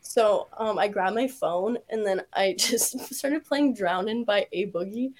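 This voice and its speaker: A woman's voice: medium pitch, unhurried. A young woman telling a story as a podcast guest, rambling with lots of likes and ums and laughing as she goes. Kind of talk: casual storytelling chat.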